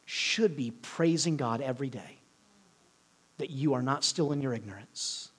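A male preacher delivering an earnest sermon, swinging between loud emphasis and hushed, near-whispered lines. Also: mid-range voice, breathy edge.

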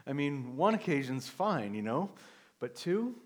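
A middle-aged male pastor telling a personal story in a sermon, moving from quiet confession to emphatic preaching. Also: mid-range voice, very animated, a little slow.

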